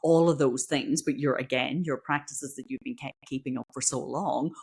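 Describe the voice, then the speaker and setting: Woman, podcast host, low voice, husky tone, empathetic, restarts her questions. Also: fairly even intonation, normal speed, a little mellow. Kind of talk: casual interview chat.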